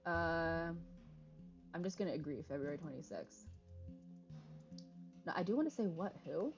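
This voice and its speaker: Low-voiced woman streamer, lo-fi sound. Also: animated, normal speed. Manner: reads dialogue choices aloud, swears freely, jokey asides. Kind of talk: casual game commentary. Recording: slightly dull lo-fi stream audio with faint music.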